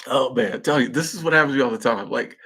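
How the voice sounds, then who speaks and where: A man's voice: medium pitch, racing, bright, forceful tone, slightly rough. A young man hosting a live stream, chatting casually with viewers in slangy speech and laughing at his own jokes. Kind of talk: casual chat reading viewer comments.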